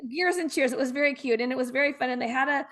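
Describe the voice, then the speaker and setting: A woman's voice: high-pitched, racing, fairly bright tone. A woman co-hosting a casual morning podcast, bubbly and emphatic. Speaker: co-host.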